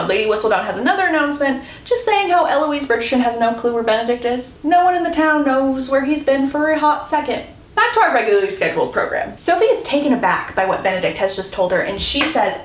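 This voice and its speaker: Chatty woman in an echoey room. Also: on the high side. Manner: chatty, talks straight to viewers. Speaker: book recap creator. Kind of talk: casual book recap. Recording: echoey room, faint hum.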